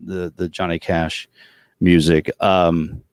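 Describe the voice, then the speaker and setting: A man's voice: deep voice, little pitch movement, slow, clean tone, dry recording, studio quality. A man around forty, a tribute performer from California, telling stories in a rambling, easygoing way with many fillers on a video call from the front of a tour bus. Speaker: tribute performer, interview guest. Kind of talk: casual storytelling interview.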